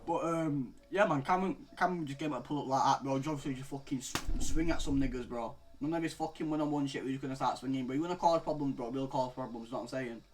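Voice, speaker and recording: A young man in his late teens telling a story-time rant, rambling and profane, tagging "bro" onto nearly every phrase and swinging from mutters to loud outbursts. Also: medium pitch, fast talker, few pauses, slight background noise. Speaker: vlogger.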